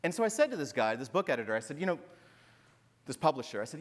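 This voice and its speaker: A man's voice: fairly high pitch, sing-song, fast talker. A man from northern Minnesota, an author at a literary festival, telling a personal story on stage in an earnest, emphatic way, often tagging his points with "right?". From northern Minnesota, USA. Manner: earnest, emphatic, repeats phrases and tags "right?". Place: large hall on stage. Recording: reverberant lecture hall.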